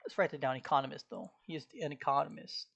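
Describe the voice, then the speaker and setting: A slightly hoarse young man in a casual study vlog, reading from a textbook and repeating phrases aloud as he memorizes them and takes notes at home. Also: a little high, fairly even intonation, fast talker, a bit bright. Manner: mutters and repeats phrases while taking notes. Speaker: student.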